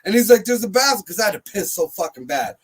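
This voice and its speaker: A man telling a profane comic story on a talk show, loud and animated, acting out what others said. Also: high voice, quick pace, slightly rough. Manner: animated, loud, swears heavily, acts out quotes.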